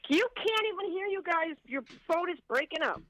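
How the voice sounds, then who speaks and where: A woman's voice: very high voice, lively intonation, normal speed, fairly bright tone. A woman calling into a live show, teasing the hosts bluntly in casual phone-in chat. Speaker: caller.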